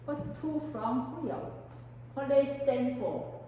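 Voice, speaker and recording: A woman with a fairly high voice gives a counseling lecture, often stopping to ask her class questions. Her English has non-native phrasing. She sounds a long way from the microphone, in a hall with strong reverberation. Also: takes it slowly, dark tone, slight background noise. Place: lecture room with students. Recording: echoey hall, mic far off.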